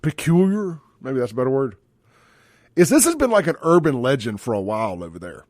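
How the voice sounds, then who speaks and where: A man's voice: medium pitch, sing-song, brisk, a little mellow, no echo, clean studio sound. A man from Mississippi hosting a talk radio show, blunt and folksy, calling listeners brother. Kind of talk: conservative talk radio commentary.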